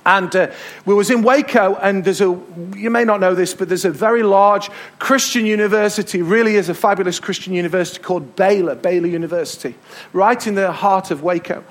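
A man's voice: high voice, a little fast, hardly any pauses. An English man preaching a sermon as pastor, telling a travel story with emphatic repetitions. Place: church hall.

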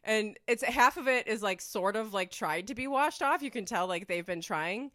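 A woman's voice: mid-range voice, moderate pace, sharp tone, dry recording, studio quality. A woman hosting a podcast from home, chatting casually and rambling through a story with lots of fillers. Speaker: podcast host. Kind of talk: casual chat.

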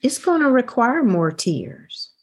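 A woman's voice: a little high, big pitch swings, takes it slowly, husky. A woman co-hosting a podcast in casual chat, affirming with frequent "that's right" and "mm-hmm". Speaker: podcast co-host.

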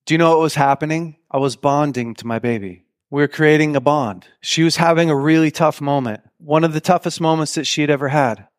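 Man preaching in a lively, storytelling voice. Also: a little high, a little fast, hardly any pauses. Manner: animated storyteller who acts out quoted lines; addresses listeners directly with questions. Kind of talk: sermon to a live audience.

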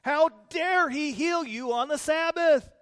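A man's voice: very high voice, slow pace, fairly bright tone, voice pushed up, heavily acted. A man voicing outraged religious officials who scold a healed man, with a long hall echo. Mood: indignant.

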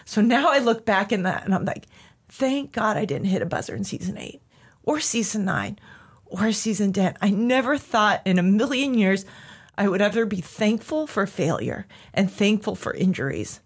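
Husky woman telling her story. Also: medium pitch, lively intonation, moderate pace. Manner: heartfelt, tearful at times. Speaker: podcast guest. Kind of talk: emotional personal storytelling.

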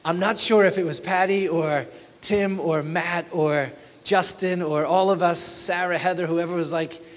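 Slow-preaching man in a reverberant hall. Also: sits high, steady tone. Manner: conversational preaching, asks the congregation questions. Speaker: pastor. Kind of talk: sermon.

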